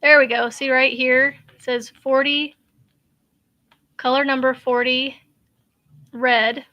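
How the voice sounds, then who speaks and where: A woman's voice: sits high, little pitch movement, slow, highs cut off. A woman from Kansas hosting a crochet live stream, chatting casually, laughing often and answering viewer comments as she works. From Kansas, USA. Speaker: crochet channel host.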